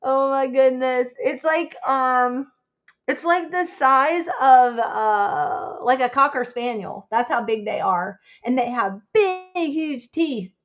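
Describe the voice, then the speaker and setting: A woman chatting casually on a home livestream, excitable and quick to exclaim. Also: high-pitched, muffled recording. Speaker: crafting livestreamer.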